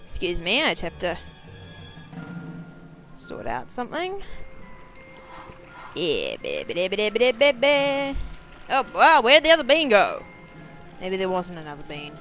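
A young woman commentating her own video game playthrough, excitable and self-mocking, yelping when things go wrong. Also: mid-range voice, moderate pace, long pauses. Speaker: let's play gamer. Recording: game music playing behind.

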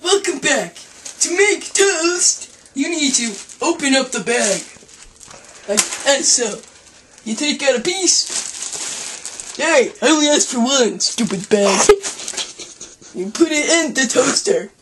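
A goofy woman hosts a mock cooking demonstration in a high voice, speaking slowly and breaking into sudden excited shouts. Her delivery swings between deadpan and overblown. The home video recording has clear background noise throughout. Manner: goofy, exaggerated, with sudden outbursts. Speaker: host of a spoof cooking show.

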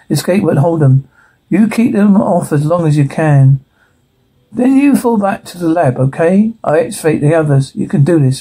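A man reads a TV script aloud by himself, voicing every part and calling out the sound cues and stage directions in one voice. He often stumbles and restarts. His voice is on the high side, mellow, slightly rough, and expressive at a moderate pace.

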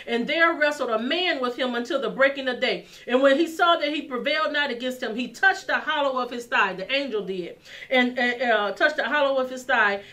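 A woman minister in full sermon, her voice high and bright. She preaches with passion, circling back over her phrases and building them up as she goes.

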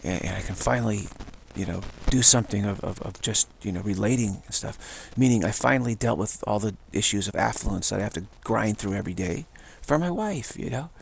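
This self-taped spiritual teacher speaks briskly and animatedly from home, his lowish voice gravelly and husky, with hardly any pauses. His casual monologue wanders and repeats, and he chuckles as he goes.

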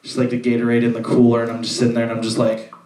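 A man's voice: mid-range voice, monotone, racing, mellow, recorded from a distance. A young man doing a stand-up set, rambling with lots of filler words and swearing, on a comedy club stage. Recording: roomy club from off-mic.

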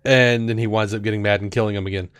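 A man co-hosting a podcast, talking through a show review in a rambling, animated way with lots of fillers and restarts. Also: lowish voice, fast talker, clean tone, no room sound. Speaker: podcast co-host. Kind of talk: casual review chat.

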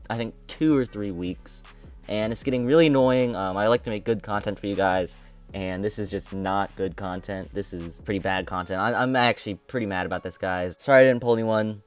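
A young man with a fairly low voice runs through a mobile game box opening as its host, grumbling and repeating himself as his frustration builds. Faint music plays under his voice on the screen recording. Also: a little mellow. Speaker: gaming channel host.

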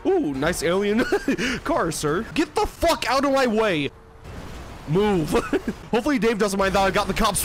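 High, lively young man gaming. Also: normal speed, noisy background. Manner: excitable, swears often, laughs a lot. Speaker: gaming YouTuber. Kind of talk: let's-play commentary.

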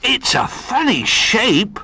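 A man voicing a small, excitable toy bear cub who squeaks, begs and gushes in a storybook reading. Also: slow pace, vocal fry, husky, faint music behind, full character voice. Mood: excited. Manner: squeaky, eager and pleading.

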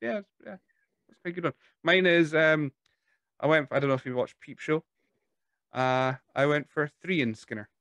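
A man's voice: fairly high pitch, normal speed, long pauses, a bit bright, no echo, muffled recording. A Scottish man hosting a podcast, chatting loosely and often laughing. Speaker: podcast host. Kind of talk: casual podcast chat.

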